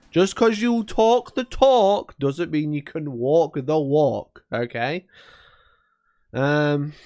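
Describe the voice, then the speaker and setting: A man's voice: fairly high pitch, animated, takes it slowly, a little mellow. Sweary man on a live stream. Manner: sweary, mock-angry banter with chat. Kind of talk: casual live-stream chat.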